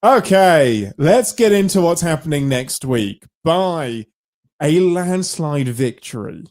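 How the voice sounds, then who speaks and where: A man's voice: a little high, lively intonation, slow, a little mellow. A man co-hosting a live-streamed podcast, talking casually and animatedly, laughing often and jumping between thoughts. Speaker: podcast co-host.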